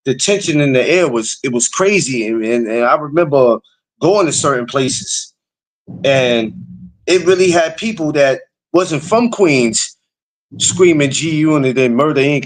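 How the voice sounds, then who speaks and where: A man, hosting a podcast and telling stories in a loose, animated, swear-heavy way. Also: on the high side, unhurried, poor audio. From the Bronx, New York. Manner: animated storytelling, swears freely, repeats for emphasis. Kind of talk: casual chat.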